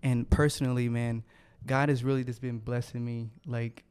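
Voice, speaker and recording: A man co-hosting a casual faith podcast, talking in a laid-back, steady, affirming way. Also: mid-range voice, moderate pace, clear, resonant tone. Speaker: podcast co-host.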